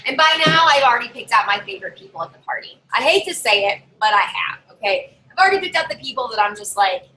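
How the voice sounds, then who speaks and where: A woman's voice: on the high side, animated, fast talker, hardly any pauses, bright, forceful tone, a little hiss or hum, rough recording. A woman giving casual how-to tips to camera as a party sales consultant, chatty and bossy, talking from her desk at home. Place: home desk with a drawer and her dog nearby.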